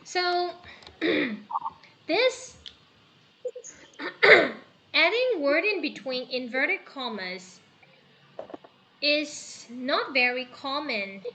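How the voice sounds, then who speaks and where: High, bright-voiced woman teacher. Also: lively intonation, drawn-out words, long pauses, slight background noise, low-quality recording. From Myanmar. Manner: encouraging, frequent "okay" checks and throat clearing. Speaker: English teacher. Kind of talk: classroom teaching.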